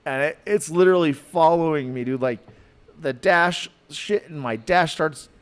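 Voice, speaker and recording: A man spins a long story for a podcast, his voice sitting a little high for a man. He rambles and fills gaps with likes and ums, acting out the other people in the story as he goes. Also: normal speed, clean tone. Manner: animated, rambling, lots of likes and fillers. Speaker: podcast guest telling a story. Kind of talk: casual storytelling.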